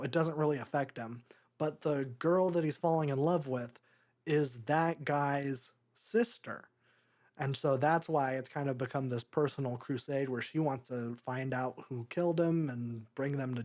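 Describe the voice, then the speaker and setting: A man's voice: fairly high pitch, a little mellow. Rambling young man reviewing a movie. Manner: rambling, halting with many fillers. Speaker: podcast co-host. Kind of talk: casual movie review chat.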